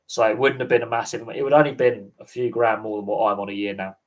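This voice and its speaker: A man's voice: lowish voice, little pitch movement, quick pace, rough recording. A man, chatting casually on a livestream and telling rambling stories with frequent laughs. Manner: rambling storyteller, laughs often. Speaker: sports channel host.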